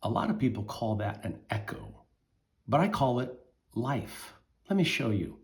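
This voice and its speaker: A calm, wise father speaks softly and reassuringly to his son, as a man storyteller voices him. The tone is gentle and patient, in a told fable. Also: medium pitch, unhurried.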